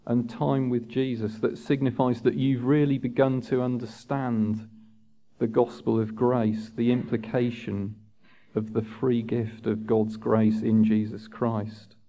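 Slow, mellow-voiced male preacher. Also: medium pitch, level tone. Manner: measured, earnest, rising for emphasis. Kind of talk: sermon. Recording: dull lo-fi sound.

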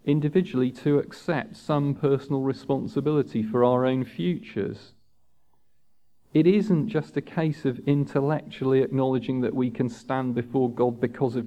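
A man preaching a sermon in a measured, earnest way, lifting his voice for emphasis. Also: medium pitch, mellow. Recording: dull lo-fi sound.

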